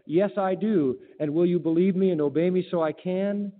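A male preacher delivers an emphatic sermon in a high voice at a moderate pace, firing off rhetorical questions and quoting scripture. The audio sounds tinny, like a phone line, with a long reverb.

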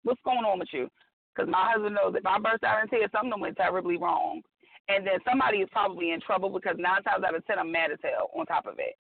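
A woman's voice: medium pitch, quick pace, creaky, breathy edge, no room sound. A woman guest talking on a radio chat show, outspoken, blunt and emphatic, with plenty of slang. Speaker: guest author. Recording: tinny phone line.

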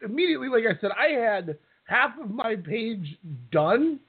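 Guy with a high voice rambling thru a reality show recap, sounds like a tinny phone line. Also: big pitch swings, moderate pace, husky. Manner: rambling, jokey, with many restarts. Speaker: podcast co-host.

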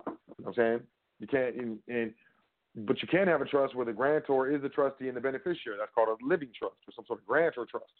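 Over narrow, phone-quality audio, a man with a mid-range voice talks fast. He teaches trust law in a casual, rambling way, frequently raising questions only to answer them and addressing the listener head-on.

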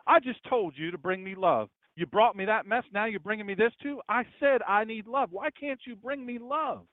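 A man's voice: very high-pitched, animated, unhurried, dry recording, voice pushed up. A man voicing an exasperated, nagging sick wife in a sermon story. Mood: exasperated scolding. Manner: scolding, nagging. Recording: dry tinny phone-like sound.

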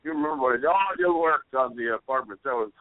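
A young man co-hosting a podcast, telling rambling stories in an animated way and yelling the quoted lines. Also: mid-range voice, fast, dry recording. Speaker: podcast co-host. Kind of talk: casual storytelling chat. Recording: dry, tinny phone-like audio.

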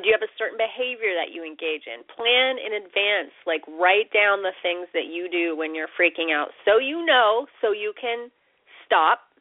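A woman's voice: medium pitch, no room sound, phone-quality sound. A woman hosting a spiritual self-help podcast, talking casually and chattily, laughing often and slipping into playful dramatic asides. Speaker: podcast host.

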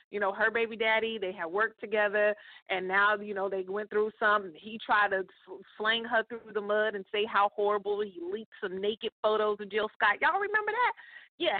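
A woman's voice: medium pitch, no echo. A woman hosting a morning podcast, talking casually as a success coach, chatty and motivational, speaking straight to her listeners. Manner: chatty, preachy, addresses listeners directly. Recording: tinny phone-like line, dry.

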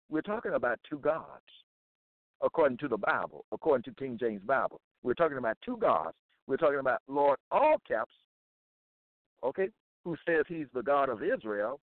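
A man teaching scripture in a deliberate way, reading out verses and repeating set phrases. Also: medium pitch, no room sound. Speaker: religious teacher. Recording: tinny phone-like line, dry.

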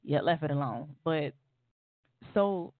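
A woman's voice: low-pitched, animated, slow pace, no room sound. A woman guest on a talk show, bluntly and profanely recounting a personal story with wry laughs. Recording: tinny phone-line audio.

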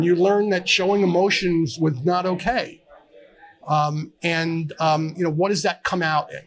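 A man's voice: fairly high pitch, creaky, fairly bright tone. A middle-aged man, a fire service counselor, talking earnestly as a guest in a live interview, often restarting his sentences. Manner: earnest, halting with many restarts. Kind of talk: candid conversational interview. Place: live podcast at a trade conference.

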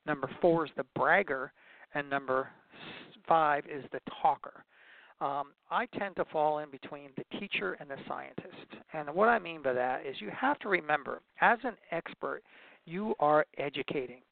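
A man's voice: a little high, creaky, dry recording. A man hosting a show, giving casual folksy advice as an expert witness and telling stories with many restarts. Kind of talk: casual instructional talk. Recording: dry, tinny phone-like sound.

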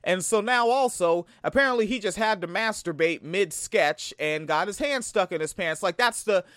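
A man's voice: high voice, moderate pace, a bit bright, no echo, clean studio sound. A man from Tacoma giving a profane, heated reaction commentary. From Tacoma, Washington. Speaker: video commentator.

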